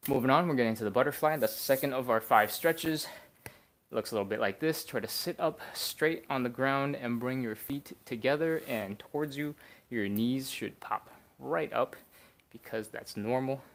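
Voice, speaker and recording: A young man coaching a relaxed, beginner-friendly stretch routine from home. He talks easily and encouragingly, walks through each position step by step, and counts the holds down out loud. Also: mid-range voice, moderate pace. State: out of breath. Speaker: stretching instructor. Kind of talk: live-streamed workout instruction.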